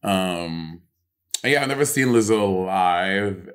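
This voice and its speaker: A man's voice: medium pitch, animated, brisk, a bit bright. Blunt, swearing podcast co-host man. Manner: blunt and swearing, steering the talk along. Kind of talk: casual chat.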